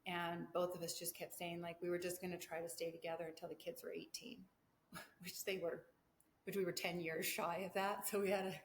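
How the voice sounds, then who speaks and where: A woman's voice: fairly low pitch, flat delivery, a little fast. A middle-aged woman hosting a video podcast, telling a personal story casually, rambling, breaking off her own thoughts and laughing between them. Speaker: podcast host. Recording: echoey room, faint background hum.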